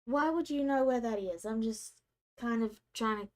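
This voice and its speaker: A woman's voice: on the high side, moderate pace, a little mellow. Apologetic woman game master. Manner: apologetic, organizing, restarts. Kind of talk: running an online tabletop game.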